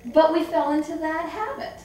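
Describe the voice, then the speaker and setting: A woman's voice: very high voice, normal speed, slight background noise. Echoey, distant woman telling stories. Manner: lively storyteller who acts out quotes. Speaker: memory care home administrator and trainer. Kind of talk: staff training talk with stories. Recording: echoey room, far from the mic.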